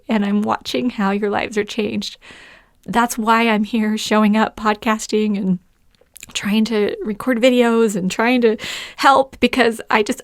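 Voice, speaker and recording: A woman's voice: medium pitch, no echo. Upbeat woman podcast host, dry sound. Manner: enthusiastic, laughs often, reads listener testimonials aloud. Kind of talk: casual solo podcast talk.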